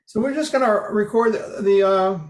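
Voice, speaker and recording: A presenter talks an online group through a lesson in an easygoing, conversational way, often stopping to restart a sentence. The voice sits at an ordinary middle pitch. It comes through a video call with a noticeably roomy echo. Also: normal speed.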